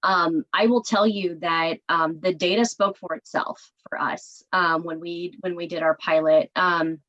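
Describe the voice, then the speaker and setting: A woman with a slightly low voice speaks on a video-call panel as a district administrator. She talks earnestly, with frequent pauses and fillers. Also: steady tone, fairly bright tone, lo-fi sound. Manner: earnest, many "um"s, gets emotional.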